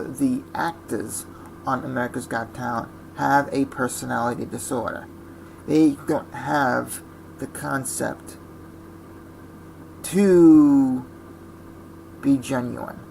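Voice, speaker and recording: A man's voice: medium pitch, vocal fry, slight background noise, poor audio. A man ranting in a blunt, scornful vlog monologue. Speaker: vlogger.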